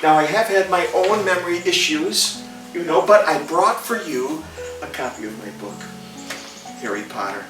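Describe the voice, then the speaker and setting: A man's voice: a little high, expressive, normal speed, voice pushed up, close to an everyday voice. A man putting on a vain, boastful male celebrity wizard author, talking in a pompous, self-satisfied way. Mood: smug. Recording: roomy home recording, distant mic, music behind.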